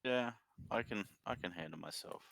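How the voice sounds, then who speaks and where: A man playing a tabletop game, calmly explaining his character. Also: on the low side, moderate pace, vocal fry, dry recording. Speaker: player. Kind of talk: casual game chat.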